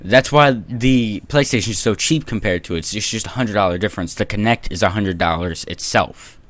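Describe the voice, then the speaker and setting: A young man hosting a gaming podcast, quick to laugh and steering the talk. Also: lowish voice, a bit bright, no room sound. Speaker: podcast host. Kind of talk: casual chat.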